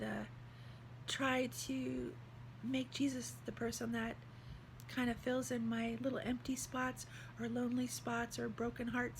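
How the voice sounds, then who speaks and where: A woman's voice: a little high, slight background noise, rough recording. A woman vlogger talking in an earnest, heartfelt, rambling way about faith. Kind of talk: casual devotional vlog talk.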